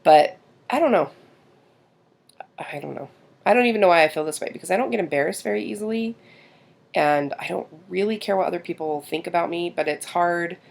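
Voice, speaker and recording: A woman's voice: on the low side, creaky. A woman in her thirties, a mother, talking in a casual confessional vlog while doing her makeup, rambling and hesitant with sighs and fillers. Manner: rambling, hesitant, self-doubting. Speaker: mother and vlogger.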